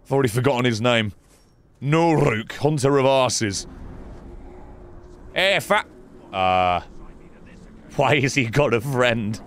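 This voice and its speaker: A man giving excitable, sarcastic commentary over his own gameplay, often swearing. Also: medium pitch, a little hiss or hum. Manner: excitable, sarcastic, swearing, frequent yelps and laughs. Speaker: gaming channel host.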